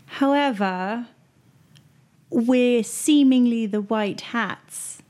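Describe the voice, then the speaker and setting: Casting: woman tabletop player, slow and deliberate, higher voice. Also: darkish tone. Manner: measured, slightly formal phrasing. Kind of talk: casual tabletop chat.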